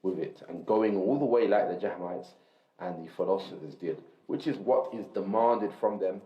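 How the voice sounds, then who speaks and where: A man reading a religious text aloud to a class in a measured, explanatory way, stopping to gloss Arabic terms. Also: deep voice. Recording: roomy, dull lo-fi recording.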